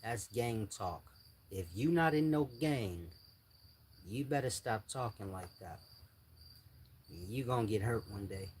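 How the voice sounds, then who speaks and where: A man's voice: lowish voice, animated, takes it slowly, pauses often, darkish tone. An older man, speaking bluntly in street slang to his viewers in a casual monologue. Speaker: channel host giving advice. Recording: faint insect and cricket noise. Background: crickets and insects faintly.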